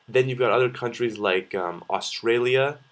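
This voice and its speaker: A man's voice: mid-range voice, normal speed. A man, talking casually to camera in a video response and thinking aloud with frequent ums and uhs. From Canada. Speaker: vlogger.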